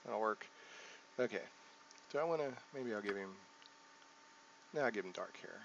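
A man's voice: fairly low pitch, lively intonation, moderate pace, vocal fry, fairly bright tone, muffled recording, a little hiss or hum. A man hosting a casual let's play, thinking aloud as he sets up a character, with many ums and self-corrections. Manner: thinks aloud while clicking through menus, frequent ums and self-corrections. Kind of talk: casual gameplay commentary.

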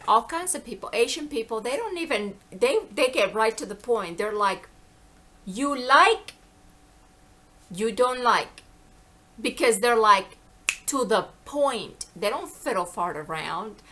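A woman talks straight to the camera in a loose, rambling monologue with a bright, forward tone. She stays animated, wanders from point to point, and keeps dropping into little voices for the people she quotes. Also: a little high, moderate pace. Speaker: vlogger. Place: lives in the American South.

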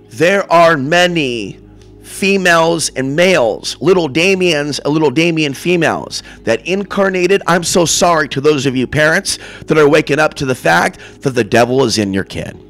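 A man preaching in a fiercely dramatic way. His voice sits a bit high and leaps wildly up and down, dropping to murmurs and then bursting into shouts. Soft music plays underneath. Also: animated, normal speed. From Portland, Oregon. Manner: theatrical, swings from murmurs to shouts. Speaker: self-styled preacher. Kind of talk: impassioned monologue sermon.

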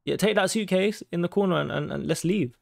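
Playing a horror game for his channel, a YouTuber with a high, gravelly voice talks a little fast, with no room sound. His let's play commentary is full of constant swearing and jumpy reactions, and he reads game text out loud.

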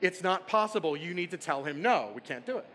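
A man's voice: high-pitched, fairly quick, a little hiss or hum. Man voicing an exasperated shipbuilder. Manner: flat refusal, exasperated. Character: alarmed male master shipbuilder.

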